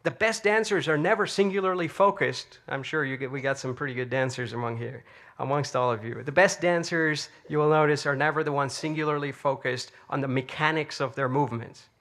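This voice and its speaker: Man with a slightly high voice for an inspirational stage talk, relaxed storyteller. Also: a little fast. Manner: storytelling, conversational, frequent fillers. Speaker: speaker.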